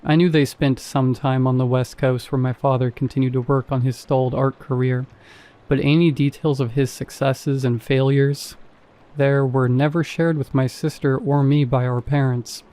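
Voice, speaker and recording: Mid-pitched, dark, and mellow, a man's voice carries a first-person horror story. He reads from a script, keeping the delivery steady and the pacing calm and measured.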